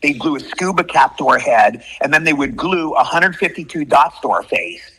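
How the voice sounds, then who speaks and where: A man in his sixties, an actor telling animated stories with lots of repetition in an interview. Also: a little high, normal speed, slightly rough, low-quality recording. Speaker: guest actor. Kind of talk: storytelling in an interview.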